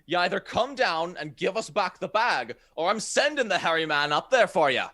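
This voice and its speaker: A man's voice: high-pitched, sing-song, normal speed, sharp tone, voice pushed up, exaggerated voice. A man playing a blustering adventurer making threats. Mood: threatening. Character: bold adventurer threatening thieves.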